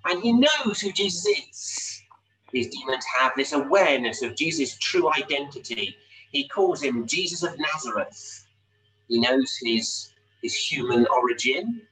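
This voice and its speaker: A man's voice: medium pitch, expressive, a little slow, bright, forceful tone, distant mic, poor audio. A man preaching a sermon, explaining a scripture passage with frequent rhetorical tag questions. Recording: voice a little off-mic, faint hum.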